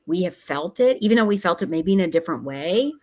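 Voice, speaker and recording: Speaking fast in a fairly low, dark, expressive voice, a woman talks casually as an interview guest. She is earnest and emphatic, sometimes acting out what other people said.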